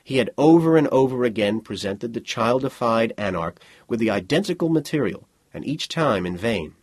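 A man narrating a novel as an audiobook, with an expressive delivery. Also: mid-range voice, normal speed, slightly rough, no room sound, clean studio sound. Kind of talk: scripted narration.

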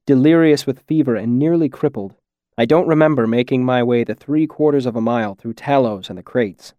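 Man, audiobook narrator, measured and quiet, mid-pitched, dry close recording. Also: dry recording. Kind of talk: first-person audiobook narration.

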